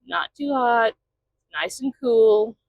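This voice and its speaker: A woman's voice: on the high side, takes it slowly, no echo, highs cut off. A woman truck driver chatting casually in a vlog from inside her truck cab, often talking to her cat.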